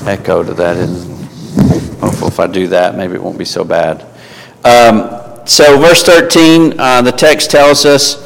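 A man teaches through scripture in a mid-range voice that sits neither high nor low. He talks casually and haltingly, circling back with fillers and restarts. The sound rings with a long reverb from a large room. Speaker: preacher. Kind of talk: Bible teaching sermon.

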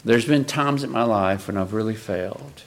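A man's voice: lowish voice, moderate pace. A man preaching a sermon in an earnest way, often asking his listeners rhetorical questions.

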